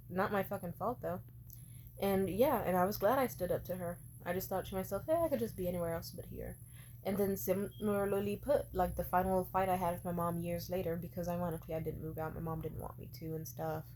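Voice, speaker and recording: A woman's voice: fairly low pitch, darkish tone, a little hiss or hum. Rambling, foul-mouthed woman in her twenties. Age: 20s. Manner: rambling, swears freely, heavy use of "like". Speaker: vlogger. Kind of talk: casual storytelling vlog.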